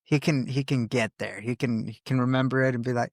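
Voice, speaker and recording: Host: young man, gravelly, laid-back and chatty, dry close recording. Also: mid-range voice, brisk, no echo. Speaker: podcast host. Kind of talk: casual chat.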